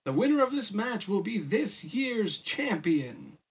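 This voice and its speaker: A man voicing an excitable male tournament announcer who draws out his announcements. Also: breathy edge, full character voice. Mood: hyped. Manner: booming, drawn-out announcing.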